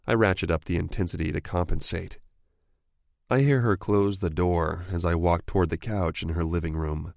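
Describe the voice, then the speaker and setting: A man narrating a romance audiobook in the first person with a steady, even reading. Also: deep voice, vocal fry, dry recording, studio quality.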